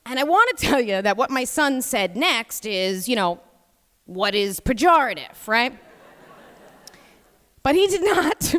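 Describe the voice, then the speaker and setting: A New York host and storyteller, speaking in a New York accent, spins a comic story with lots of chatty asides on a live theater stage. Her high, slightly bright voice is very animated, a little slow, and full of pauses, all in reverberant theater acoustics.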